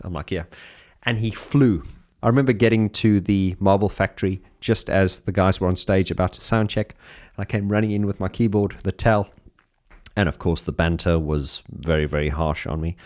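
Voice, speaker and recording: An Englishman with a very low voice tells a story from his touring life. He talks in a chatty, animated way, with quick restarts and bursts of laughter. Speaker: keyboard player. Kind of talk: telling an anecdote.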